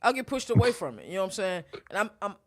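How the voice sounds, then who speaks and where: A young man hosting a casual college sports talk show, animated and rambling, with lots of shout-outs. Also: high-pitched, rapid-fire. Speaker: podcast host.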